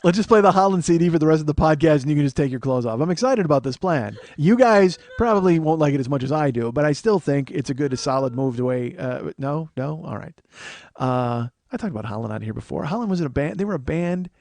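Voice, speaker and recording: Talking fast with lively intonation, a man in his forties with a slightly high, darkish voice hosts a comedic podcast. His casual chat is rambling and self-mocking, with plenty of swearing.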